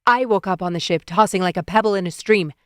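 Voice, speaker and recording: A woman's voice: medium pitch, quick pace, clear, resonant tone, no room sound, studio quality, close to an everyday voice. A woman voicing a terse, jealous man who mutters his short replies, in an audiobook. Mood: angry.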